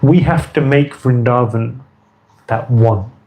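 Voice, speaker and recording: A man's voice: mid-range voice, slow pace, a little mellow, rough recording. Earnest man giving a devotional talk. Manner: earnest, repeats phrases for emphasis. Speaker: spiritual teacher. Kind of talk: devotional lecture.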